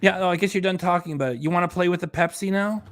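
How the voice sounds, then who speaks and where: A man's voice: sits high, racing. A man hosting a reaction channel, scolding a streamer in an angry, profane rant. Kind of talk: angry commentary on a livestream.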